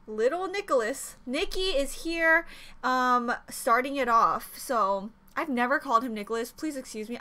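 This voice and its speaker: A young woman hosting a reaction video, gushing and gasping with excited fan commentary. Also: high voice. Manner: gushing, squealing, gasping, rapid exclamations.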